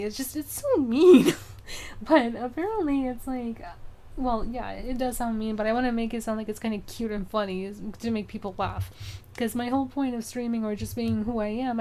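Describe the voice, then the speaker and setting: Young woman, streamer, casual rambling chat, lots of fillers, higher voice, faint background noise. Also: dark tone. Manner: rambling, many fillers, frequent laughs.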